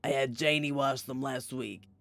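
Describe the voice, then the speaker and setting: A man's voice: mid-range voice, steady tone, normal speed, vocal fry, a bit bright. A man reading a haughty, cutting young woman. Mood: curt. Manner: cold, dry, cutting. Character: aloof haughty young woman, dismissive cousin.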